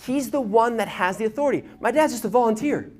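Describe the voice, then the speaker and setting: A man preaching a sermon as a pastor, animated, getting loud and quick when he tells a story, with restarts. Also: very high voice. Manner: animated, grows loud and fast in stories, with restarts.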